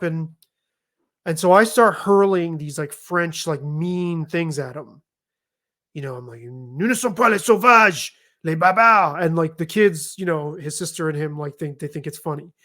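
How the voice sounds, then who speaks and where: A middle-aged man telling stories in a casual chat, animated, emphatic and liberal with swearing. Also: a little high. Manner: animated, profane, emphatic storytelling. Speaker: podcast guest.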